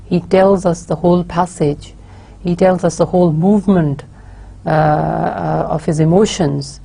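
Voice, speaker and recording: A woman giving a recorded university lecture, explaining slowly and haltingly, with many fillers and restarts. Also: fairly low pitch, mellow.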